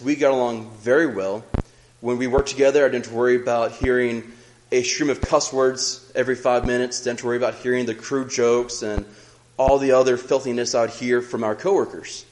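A man's voice: medium pitch, slight background noise, poor audio. Earnest male preacher giving a sermon. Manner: earnest, measured, reads scripture aloud.

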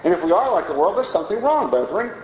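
Folksy preacher in a roomy hall. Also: male voice, sits high, very animated, fast talker. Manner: folksy, conversational preaching with asides and chuckles. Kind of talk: sermon. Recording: roomy, dull lo-fi sound with faint noise.

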